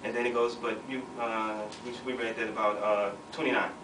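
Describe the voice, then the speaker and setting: A man's voice: lowish voice, little pitch movement, fairly quick. Man preaching in an echoey church. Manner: conversational, reads scripture with asides and audience call-and-response. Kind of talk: sermon. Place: church fellowship hall. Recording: echoey hall, distant mic, noisy.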